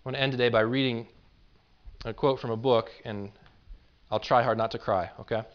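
A man's voice: medium pitch, steady tone, fairly quick, muffled recording. A man pastoring a church, preaching a conversational sermon in an earnest, informal way and often repeating words as he builds a point.

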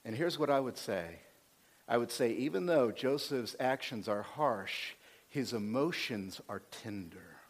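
A male pastor giving an animated, conversational sermon, swinging between loud emphasis and quiet asides. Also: medium pitch, measured pace.

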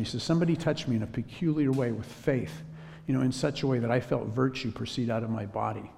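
A man preaching a sermon as a story, in a relaxed conversational way. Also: medium pitch, quick pace, gravelly, big-room sound, a little hiss or hum. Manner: conversational, drops to a whisper when quoting himself.

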